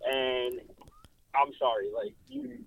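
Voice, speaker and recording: A young man telling a story in a casual interview, animated and full of fillers, calling in over a breaking-up phone line. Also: mid-range voice, slow pace, gravelly. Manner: animated, filler-heavy, swearing. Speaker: car photographer guest. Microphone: phone call, breaking up. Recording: dry thin phone line.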